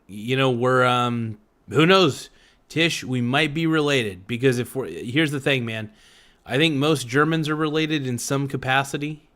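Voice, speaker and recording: On his livestream podcast, a man reads out the live chat between bites, talking a little slowly in a mid-range, somewhat bright voice. The conversation is casual and meandering, loaded with swearing and filler words.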